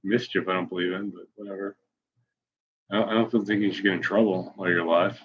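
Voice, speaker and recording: Brief: man, 40s, low husky voice, rambling live-stream reader, self-mocking humor, dull lo-fi audio. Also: steady tone, fairly quick. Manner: wry, self-mocking, off-the-cuff. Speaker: blogger reading his posts on a live stream.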